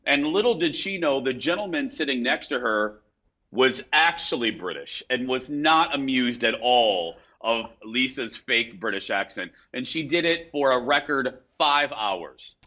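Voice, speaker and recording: A man hosting a talk show, telling a casual story in a chatty, animated way. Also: medium pitch, unhurried, highs cut off. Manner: chatty storyteller, lively delivery. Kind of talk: casual studio banter.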